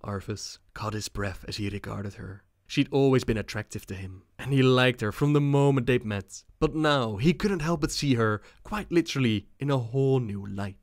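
Man calmly narrating game lore. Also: medium pitch, no room sound, clean studio sound. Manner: measured, calm storytelling. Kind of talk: storytelling narration.

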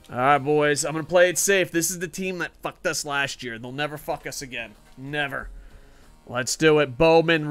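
A man's voice: on the high side, sharp tone. A man live-streaming a football video game, talking casually and profanely while chatting with his viewers. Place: home streaming room in Japan.

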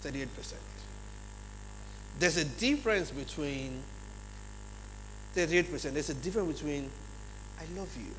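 A man with a Nigerian English accent giving a lively leadership seminar talk in a large church hall, often checking in with his audience. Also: on the high side, measured pace, pauses often. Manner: acts out examples in changed voices. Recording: long hall reverb, faint mains hum.

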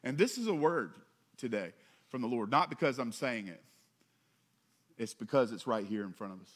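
A pastor delivering a sermon in a conversational way, with asides, swelling for emphasis and dropping soft on key points. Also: male voice, lively intonation. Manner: conversational preaching with asides and quick jokes; rises in pitch and volume for emphasis, drops low and soft on closing points.

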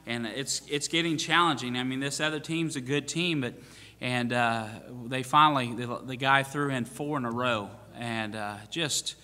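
A man serving as pastor tells a rambling, self-mocking story from the pulpit, full of "uh"s and restarts. His voice has a bright, tense edge. A long reverb from the church sanctuary trails each phrase. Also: mid-range voice, moderate pace. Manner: joking, self-mocking, many fillers and restarts.

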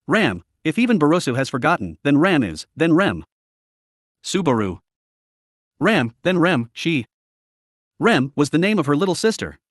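Man, audiobook narration, expressive storytelling, lively intonation, dry close mic. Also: on the high side, dry recording.

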